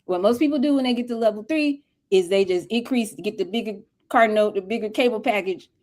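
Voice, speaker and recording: A woman's voice: mid-range voice, a little fast, darkish tone. A woman speaking as a guest mentor on a livestream interview, talking in an emphatic, preachy, colloquial way over a video call.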